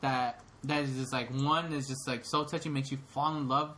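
A man's voice: medium pitch, fairly even intonation, normal speed, fairly bright tone, slight background noise. A young man co-hosting a podcast, retelling a film in casual chat, rambling with lots of fillers and restarts. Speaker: podcast co-host.

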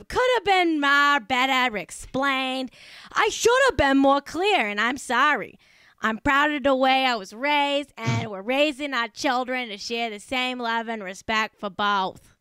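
A woman doing a mocking impression in a broad Boston accent, reading a statement flatly. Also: high-pitched, clean tone, no echo, clean studio sound, exaggerated voice.

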